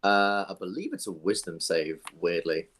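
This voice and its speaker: A man narrating as dungeon master, relaxed and descriptive, thinking aloud with fillers. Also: low voice, normal speed, a little hiss or hum. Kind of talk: narrating a tabletop game.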